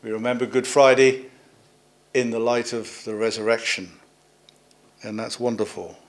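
A middle-aged man preaching a sermon in a conversational way, with gentle humor, pauses and fillers. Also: mid-range voice, steady tone. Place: church, services also on video call.

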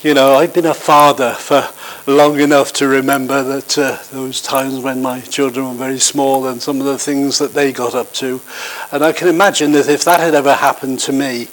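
A middle-aged preacher speaks in a mid-range voice, telling a story the way he would in conversation. He pauses, restarts and fills the gaps with "uh" and "um" as he goes. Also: medium pitch, level tone, poor audio. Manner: conversational, hesitant, with many fillers. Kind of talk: sermon with an anecdote.

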